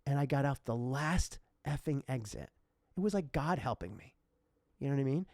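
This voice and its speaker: A man hosts a casual podcast with a gravelly, fry-edged voice. His heartfelt storytelling carries emotion right at the surface. The recording is close and dry. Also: mid-range voice, lively intonation, moderate pace, a little mellow, no echo. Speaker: podcast host.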